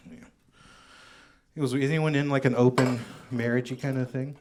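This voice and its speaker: Performing stand-up in a comedy club, a man delivers wry, deadpan asides that trail off. His voice is medium-pitched at a measured pace, with a noisy background.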